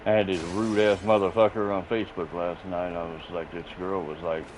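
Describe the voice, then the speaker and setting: A man's voice: sits low, level tone, a little fast. A man telling crude, rambling stories between bursts of laughter while he plays a game, swearing freely. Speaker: gaming streamer. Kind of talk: casual profane storytelling while gaming. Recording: muffled lo-fi with noisy background.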